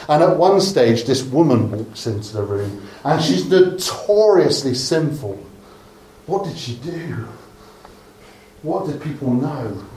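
A mid-range-voiced man from Dorset, England preaches a sermon by retelling a story conversationally, with humorous asides, and softens to a hush at the close. The room is echoey, with slight background noise.

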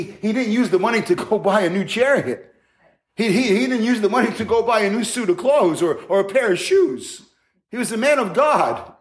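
A man's voice: sits high, roomy sound. A man preaching an earnest, emphatic sermon, his voice climbing as he builds a point.

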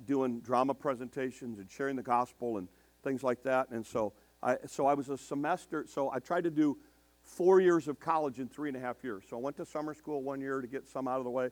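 An older man preaching in a storytelling way, emphatic and slowing down to stress his points. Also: mid-range voice. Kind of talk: storytelling sermon.

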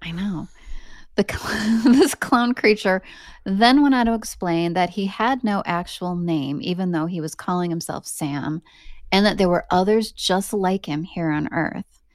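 Lowish-voiced woman telling a strange story. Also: unhurried, no room sound, clean studio sound. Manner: animated, laughing asides. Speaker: podcast host. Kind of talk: casual storytelling.

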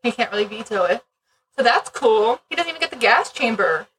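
A blunt woman co-host with a fairly high voice who swears freely and wanders into rambling asides. She sits a little back from the microphone, and a faint hiss runs underneath her voice. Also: expressive, brisk, a bit bright, distant mic, poor audio. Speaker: podcast co-host. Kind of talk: casual chat.

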